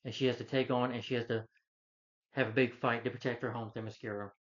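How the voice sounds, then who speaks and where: A man's voice: medium pitch, little pitch movement, quick pace. A man giving a casual spoken film review, rambling and repeating himself as he recaps the plot with frequent restarts. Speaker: movie reviewer. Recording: slightly dull, lo-fi recording.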